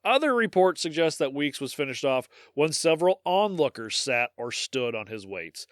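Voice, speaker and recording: A man's voice: a little high, big pitch swings, normal speed, fairly bright tone, clear, resonant tone, dry recording, clean studio sound. A man co-hosting a podcast, reading history aloud and breaking off into profane, joking asides. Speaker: podcast co-host.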